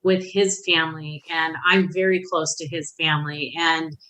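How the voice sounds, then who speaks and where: On a low-quality recording with slight background noise, a bright, forceful, low-pitched voice belongs to a woman in her fifties guesting on a podcast. At a moderate pace she candidly and emotionally recounts her life, restarting sentences often and becoming animated as she relives key moments.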